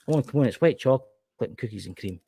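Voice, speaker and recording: A man's voice: medium pitch, expressive, very fast, creaky, warm tone, breathy edge. A Scottish man co-hosting a casual chat show, ranting animatedly and swearing freely. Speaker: podcast co-host.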